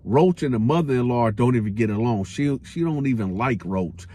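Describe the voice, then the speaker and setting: A man hosting a casual storytime, telling a prison tale in animated slang with his own sound effects. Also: mid-range voice, moderate pace. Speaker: storyteller host.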